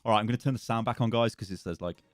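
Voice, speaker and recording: A man's voice: on the low side, racing, dry recording, clean studio sound, soft background music. A man hosting a casual live co-stream, chatting and laughing often while reading out the chat.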